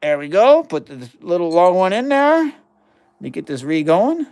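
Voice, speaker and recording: An enthusiastic man in his fifties with a slightly higher voice chats casually on a livestream. He explains acids and bases in plain words and reads out viewers' questions as he goes. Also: very animated, normal speed, darkish tone. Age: 50s. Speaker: chemistry livestream host. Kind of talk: casual live-stream chat while doing experiments.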